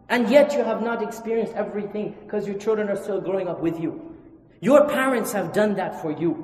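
A male preacher delivers a fervent sermon, leaning hard into certain phrases before sinking to a near hush. The sound is roomy, with a long reverb tail from a large hall. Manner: impassioned, swings from loud emphatic stresses to low hushed passages.

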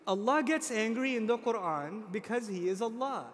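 Preaching to a crowd in a hall with long reverb, a man speaks in a very high-pitched, expressive voice, fairly quick and with few pauses. He hammers key phrases emphatically, poses rhetorical questions, and slips in jokes.

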